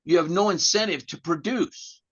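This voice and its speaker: A man's voice: high voice, moderate pace, breathy edge. Rambling American man telling a story. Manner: rambling, restarts, animated retelling of dialogue. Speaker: podcast guest, real estate agent. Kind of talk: casual storytelling in an interview. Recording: dull lo-fi audio.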